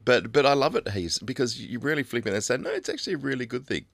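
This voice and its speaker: Affirming male podcast host, lively pitch. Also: racing, gravelly, no echo. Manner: warmly affirming, enthusiastic. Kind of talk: casual interview chat.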